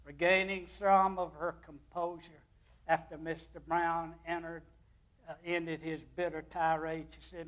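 Slow, high-voiced preacher. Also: male voice, flat delivery. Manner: dramatic storytelling with big swings in loudness. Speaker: pastor. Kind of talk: sermon.

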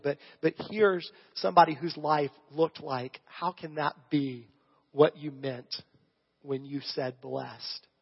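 Husky-voiced man preaching in a reverberant hall. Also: a little high. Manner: conversational, asks the audience "right?". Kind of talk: sermon teaching through scripture. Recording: long reverb, dull lo-fi sound.

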